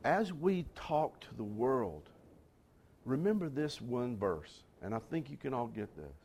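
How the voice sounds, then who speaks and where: Male pastor mid-sermon, mid-pitched voice, speaks directly to the congregation, rises to forceful emphasis. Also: sing-song, measured pace, a little hiss or hum. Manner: rising to emphatic near-shouts on key lines; addresses the congregation directly, conversational asides.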